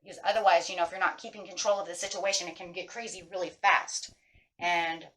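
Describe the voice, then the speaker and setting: A woman tarot reader with a somewhat low voice talks her viewers through spiritual advice in a casual way. She is earnest and emphatic, repeats her key phrases, and keeps tagging her points with a quick "right?". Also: fairly even intonation, fairly bright tone, poor audio.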